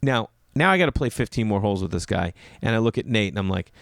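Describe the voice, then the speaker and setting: A man's voice: lowish voice, fast talker, creaky, no echo. A man who does stand-up, telling funny stories in a casual podcast monologue. He says "like" a lot and acts out other people's lines. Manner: animated, leans on "like", acts out other people's lines in raised voices. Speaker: stand-up comedian and podcast host. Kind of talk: casual comedic storytelling monologue.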